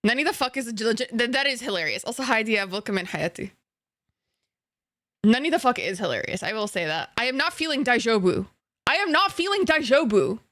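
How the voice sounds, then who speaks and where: A playful young woman from Egypt chats with her stream audience in a fairly high voice. She giggles often and swears freely in slangy asides. Her voice is close and dry, with no room sound. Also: animated, brisk, fairly bright tone, no echo. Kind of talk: casual gaming stream chat with viewers.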